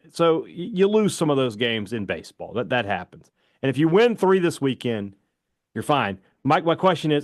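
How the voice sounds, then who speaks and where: A man co-hosting a sports talk radio show, telling stories and giving takes in an animated, fast-bursting way. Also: mid-range voice, no echo, studio quality. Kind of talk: casual sports talk chat.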